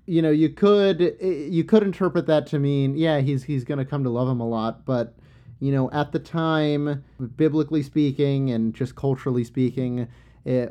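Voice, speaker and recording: Mellow-voiced man, loose joking retelling. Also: medium pitch. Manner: loose and joking, full of "you know" and "like"; slips into quick voices for the characters. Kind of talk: casual retelling of an ancient epic.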